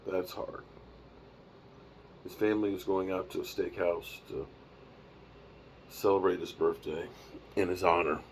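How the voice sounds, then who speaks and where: A man's voice: low-pitched, fairly even intonation, moderate pace, long pauses, slight background noise. A man in his fifties, tired and rambling, talking casually on a live stream from the road through a microphone and small mixer. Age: 50s. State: tired, yawning. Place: on the road, mobile setup.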